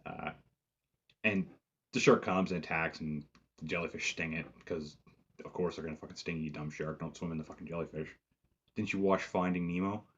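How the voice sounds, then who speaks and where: Deep husky man in a profane recap. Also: fairly even intonation, normal speed, a bit bright, muffled recording. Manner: profane, rambling, lots of "like" fillers. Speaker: movie reviewer. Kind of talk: casual film review recap.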